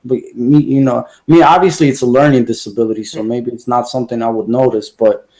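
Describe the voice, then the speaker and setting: A man's voice: mid-range voice, fairly even intonation, fast, darkish tone. A man hosting a podcast, asking casual questions in a hesitant way, often restarting his sentences. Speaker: podcast host. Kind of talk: casual interview.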